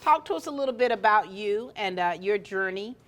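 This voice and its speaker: A woman hosts a casual local TV interview. She talks in long, looping, effusive stretches, keeps encouraging her guest, and sits at a middling pitch. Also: lively intonation, brisk, a bit bright. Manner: effusive, encouraging, rambling questions.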